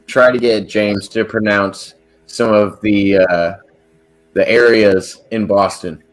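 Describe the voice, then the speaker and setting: Laughing low-voiced man hosting a stream. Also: fairly even intonation, takes it slowly. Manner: joking, laughs often, restarts phrases. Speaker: podcast host. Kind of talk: casual livestream chat.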